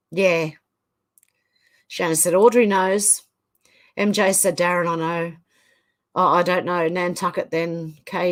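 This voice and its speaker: A middle-aged woman hosting a livestream, reading viewer comments aloud and chatting loosely between them. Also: on the low side. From Australia. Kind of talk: casual chat.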